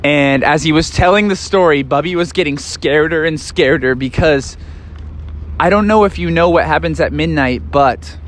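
A man's voice: a little high, normal speed. Playful man rambling through a bedtime story. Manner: rambling, playful, full of fillers.

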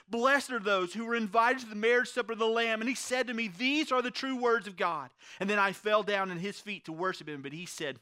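A man's voice: sits high, sharp tone. A man preaching a conversational sermon as pastor, reading scripture aloud and explaining it to his congregation.

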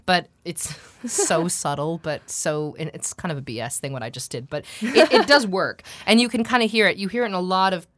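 A woman who is a trained actor and accent coach, chatting animatedly, quick to laugh, and demonstrating sounds as she explains them. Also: fairly low pitch, a bit bright, dry recording.

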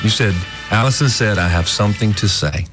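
A man's voice: on the low side, a little fast, over music. Opinionated male radio host. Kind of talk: radio talk show chat.

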